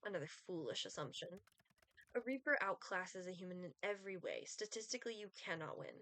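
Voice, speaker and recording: A woman's voice: on the low side, expressive, a little fast, a bit bright, no room sound. A woman reading aloud the lines of a sardonic, aloof male Reaper from a dating game, with a dry, condescending delivery. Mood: sarcastic.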